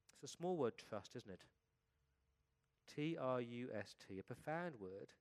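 A middle-aged pastor preaches a sermon earnestly, his medium-pitched voice expressive and unhurried. He often lets his voice drop softly at the end of each point.

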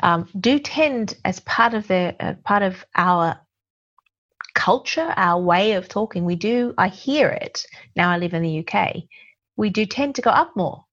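A woman's voice: on the low side, a little slow, fairly bright tone. An Australian woman hosting a podcast conversation, asking curious follow-up questions. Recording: dull lo-fi line.

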